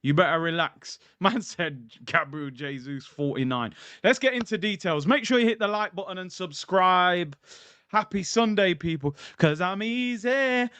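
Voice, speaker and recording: A man's voice: sits high, a little slow, bright, forceful tone, smooth, no echo. A man hosting a casual football livestream, hyped, slangy and jokey. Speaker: football channel host. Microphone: streaming mic.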